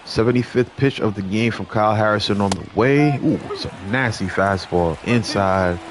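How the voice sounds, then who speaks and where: A young man giving play-by-play commentary over a baseball video game, chatty with viewers and lively on big plays. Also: fairly low pitch, moderate pace, a little hiss or hum. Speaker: gaming channel host.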